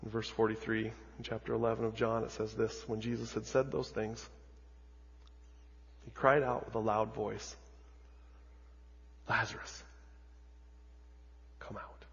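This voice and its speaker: A man preaching a sermon as a pastor, telling the story dramatically with lots of repetition and moving between hushed and loud delivery. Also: lowish voice, flat delivery, normal speed, gravelly, husky. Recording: dull audio with long hall reverb.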